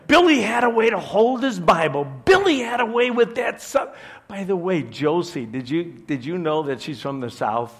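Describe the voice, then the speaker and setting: A man's voice: sits high, big pitch swings, normal speed. A man from Chicago, a pastor, preaching a conversational sermon to his church with joking asides. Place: church service.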